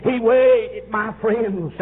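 A man preaches a revival sermon in a high, ringing voice, swooping up into shouts and dropping low again, filling gaps with "uh." The recording is thin and phone-like, an old tape with a faint hiss underneath. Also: fairly even intonation, very slow.

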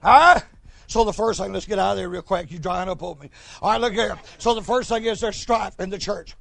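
A man's voice: high voice, fairly even intonation, brisk, vocal fry. A man preaching a folksy sermon, telling stories and calling for responses. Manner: folksy, storytelling, calls for responses.

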